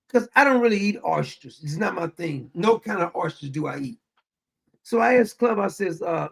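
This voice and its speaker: A man's voice: sits high, normal speed, creaky. A man hosting a casual monologue, telling stories with lots of laughter. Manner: animated storytelling, laughing often. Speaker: show host.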